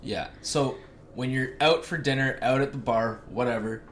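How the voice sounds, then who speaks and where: A man's voice: medium pitch, moderate pace, a little hiss or hum. A young man co-hosting a podcast, bantering in a crude, joking casual chat. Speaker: podcast co-host.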